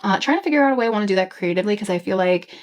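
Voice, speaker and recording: A woman's voice: medium pitch, animated, very fast. Candid, rambling woman vlogging at her computer. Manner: candid, rambling, swears casually. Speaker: vlogger, head of social media. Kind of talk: casual vlog chat. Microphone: computer camera.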